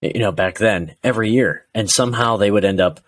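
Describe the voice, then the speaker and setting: Low-voiced man in casual sports talk. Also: brisk, no echo. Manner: animated, acts out fans' rants in quoted voices. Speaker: podcast co-host.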